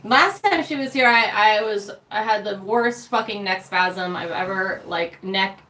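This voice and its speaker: Woman livestream co-host, bright and sharp, profane venting, recorded off-mic in an echoey room. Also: mid-range voice, unhurried, far from the mic. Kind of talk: casual livestream chat.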